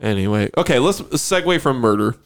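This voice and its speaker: A man in loose banter with his friends, swearing and laughing at himself as he moves the talk along. His pitch jumps around with plenty of life. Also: expressive, a little fast, smooth. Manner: self-mocking, swears, steers the topic. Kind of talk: casual banter among friends.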